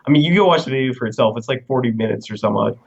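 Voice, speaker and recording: A man's voice: mid-range voice, very fast, creaky. A young man calling in to a live stream, talking hesitantly with many ums and likes, over lo-fi call audio. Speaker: caller. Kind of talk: casual call-in chat.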